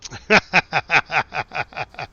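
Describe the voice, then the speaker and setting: A man's voice: fairly high pitch, very slow, creaky, bright, forceful tone, breathy edge, dry recording. A middle-aged man from the United States, a game streamer who tells rambling, swear-laced anecdotes and reads chat in a casual live-stream chat. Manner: rambling anecdotes, frequent swearing and laughing asides. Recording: dull lo-fi stream mic, dry.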